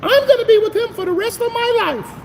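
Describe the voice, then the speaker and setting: A man voicing a young woman vowing devotion to God, in a high falsetto. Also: animated, quick pace, a little hiss or hum. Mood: earnest.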